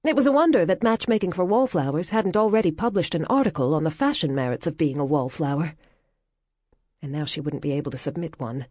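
A woman narrating a novel in a measured, wry storytelling manner. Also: deep voice, darkish tone, no room sound, clean studio sound. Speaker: audiobook narrator. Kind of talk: scripted narration.

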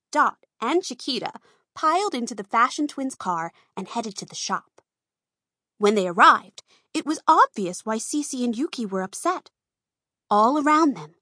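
Slow, lively storybook woman narrator. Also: on the high side, slightly rough, dry recording, studio quality. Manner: slow, expressive. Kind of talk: storybook reading.

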